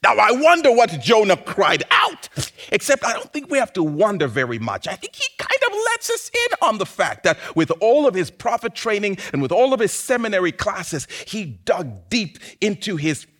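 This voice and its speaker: A man preaching a sermon, swinging from hushed, drawn-out phrases to sudden shouts. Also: high-pitched, wildly swooping pitch. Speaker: pastor.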